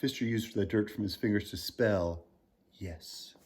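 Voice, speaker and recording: A man, a children's author, reading a picture book aloud with animated storytelling, swinging pitch and loudness and dropping to a whisper. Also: unhurried.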